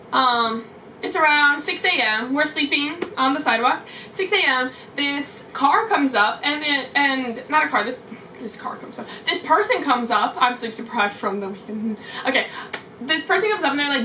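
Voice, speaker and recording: A young woman telling a story in a casual, excitable vlog, full of "like"s, heard off-mic in an echoey room with faint hiss. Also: high voice, recorded from a distance. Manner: excitable, fast, many "like"s. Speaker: vlogger.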